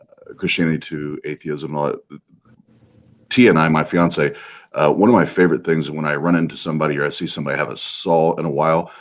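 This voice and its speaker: A middle-aged man with a very low, deep voice, chatting on a talk show. He speaks haltingly, with frequent restarts and fillers. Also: fairly even intonation. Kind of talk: casual chat.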